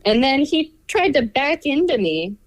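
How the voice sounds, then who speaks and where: A woman's voice: high voice, big pitch swings, unhurried, no room sound, poor audio. A young woman, a music student and songwriter, chatting casually and saying "like" a lot. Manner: laid-back, lots of "like". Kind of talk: casual chat.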